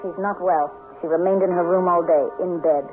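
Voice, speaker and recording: Actress as a cautious loyal maid. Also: female voice, fairly low pitch, fairly even intonation, fairly quick, faint music behind, natural voice. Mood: guarded. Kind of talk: 1970s radio drama acting. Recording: tinny old radio broadcast.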